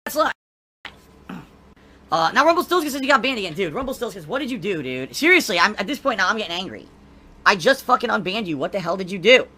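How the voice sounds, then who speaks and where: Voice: mid-range voice, very animated, fast, bright, forceful tone, husky, exaggerated voice. A streamer in a played clip, exasperated and frustrated while moderating the chat.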